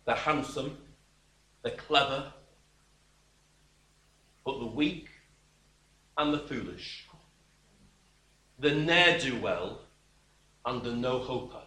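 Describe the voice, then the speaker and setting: A man preaching a sermon slowly and emphatically, dropping at times to a quiet voice. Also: medium pitch, lively intonation. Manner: slow, emphatic preaching with sudden drops to a quiet voice. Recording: echoey room.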